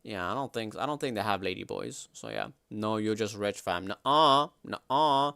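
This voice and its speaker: A young man, a streamer chatting casually and reacting in loud, slangy outbursts. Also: fairly low pitch, normal speed, creaky, clean tone, dry recording.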